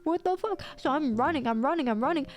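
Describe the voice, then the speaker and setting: High-voiced excitable woman streamer. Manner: excitable, swears casually, quick bursts of laughter. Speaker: livestreamer. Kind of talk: animated storytelling to chat.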